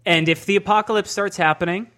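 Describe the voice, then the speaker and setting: A man's voice: high-pitched, steady tone, fast talker, pushed and bright. Joking male podcast co-host. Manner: joking, riffing on scenarios. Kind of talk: casual chat.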